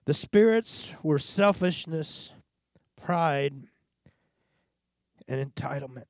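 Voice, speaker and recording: A man preaching a sermon in an earnest, confessional way, pausing and sighing between thoughts. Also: on the high side, lively intonation, a little mellow, no echo, clean studio sound.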